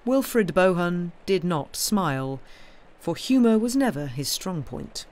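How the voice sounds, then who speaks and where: On a live stream, a man reads a classic mystery aloud in a slightly high voice. His narration stays steady and even.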